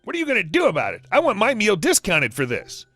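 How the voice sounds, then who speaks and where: A man's voice: high voice, wildly swooping pitch, fast, bright, forceful tone, pitched above the performer's own voice, exaggerated voice. A man reading an entitled complaining diner. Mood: indignant. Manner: indignant complaining. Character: rude entitled woman diner wanting a discount. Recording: faint music underneath.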